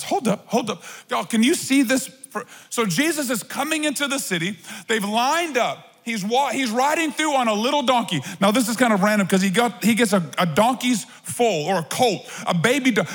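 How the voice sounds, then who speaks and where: A man preaching to his church in a lively, conversational way, with frequent asides to the crowd. His voice sits high for a man. A long reverb hangs on every word, the sound of a large church auditorium. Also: moderate pace. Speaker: pastor. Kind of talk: sermon.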